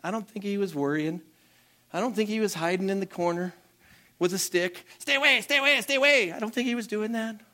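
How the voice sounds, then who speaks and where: A man preaching a sermon as pastor, animated and calling out to the congregation for responses. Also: sits high, a little fast.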